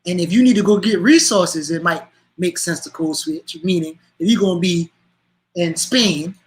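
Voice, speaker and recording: Passionate man with Charleston Lowcountry accent. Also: normal speed, low-quality recording. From Charleston, South Carolina. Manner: emphatic, passionate, rhetorical. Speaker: guest, motivational speaker. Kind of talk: interview conversation.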